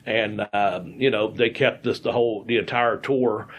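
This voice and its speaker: A man's voice: on the low side, fairly even intonation, normal speed, a little hiss or hum. A man, a podcast host and former wrestler, telling rambling anecdotes full of fillers and restarts. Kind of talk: casual storytelling chat.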